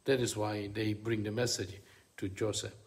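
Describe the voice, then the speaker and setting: A male preacher giving a sermon in halting, non-native English full of fillers. He drops to low murmurs, then climbs into high, ringing bursts of emphasis. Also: little pitch movement.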